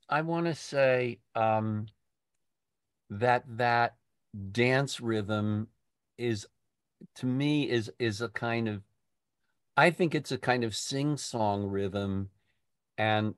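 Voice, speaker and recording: An older man leading a poetry discussion group, talking in a halting way with many restarts and fillers. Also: medium pitch, fairly bright tone, no echo, clean studio sound. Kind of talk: casual literary discussion.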